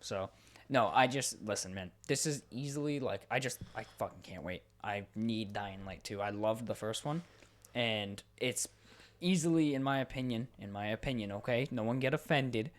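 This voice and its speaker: A man co-hosting a podcast in casual chat, excitable and profane, talking in quick bursts. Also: mid-range voice. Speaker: podcast co-host. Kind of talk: casual chat about video games.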